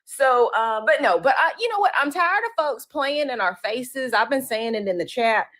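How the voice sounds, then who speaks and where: A woman co-hosting a live-stream chat, telling stories in a sassy, slangy, animated way. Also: sits high, moderate pace.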